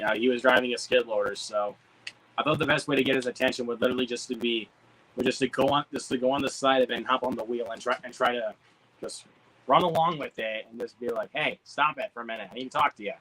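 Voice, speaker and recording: Bright-voiced laid-back guy. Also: medium pitch, steady tone, fairly quick, low-quality recording. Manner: laid-back, slangy, laughs along. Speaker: guest co-host. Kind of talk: casual chat.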